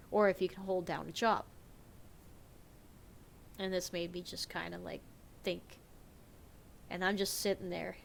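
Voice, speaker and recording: A woman's voice: medium pitch, vocal fry. A young adult woman telling a personal story in a casual vlog, speaking candidly and emotionally with frequent fillers and self-corrections. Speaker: vlogger.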